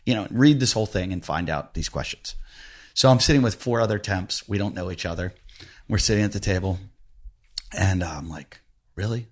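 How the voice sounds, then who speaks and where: A man hosting a podcast, telling a story in a casual, animated way and laughing often. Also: fairly low pitch, brisk. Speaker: podcast host.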